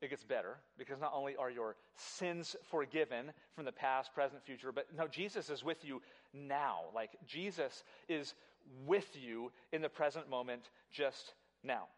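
Speaking straight to the congregation at a moderate pace, this male pastor delivers an animated, emphatic sermon in a church service. His pitch is medium, and he frequently repeats words.

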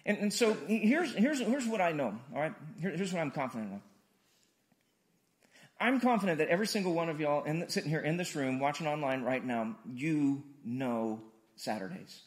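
A man's voice: on the high side, lively intonation, normal speed, echoey room. A man preaching a conversational sermon, often repeating words and acting out dialogue. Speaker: pastor.

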